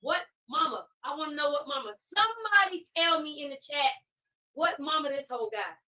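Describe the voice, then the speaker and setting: High-pitched woman going off on her livestream, lots of repeated questions, mic sitting kinda far off. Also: lively intonation, normal speed, pushed and bright. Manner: fiery, repetitive ranting, rhetorical questions. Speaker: live-stream host. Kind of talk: heated live-stream commentary. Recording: distant mic.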